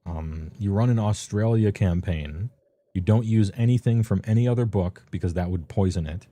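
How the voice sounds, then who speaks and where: A man's voice: lowish voice, moderate pace, warm tone. A man streaming a casual, rambling rundown of tabletop game books, offhand and full of ums. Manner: loose and offhand, many ums, laughs at himself.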